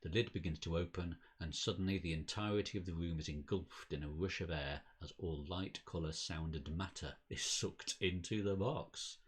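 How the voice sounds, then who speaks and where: Deep, husky man reading aloud. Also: moderate pace, few pauses. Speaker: podcast co-host reading a card game scenario. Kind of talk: reading scenario text aloud.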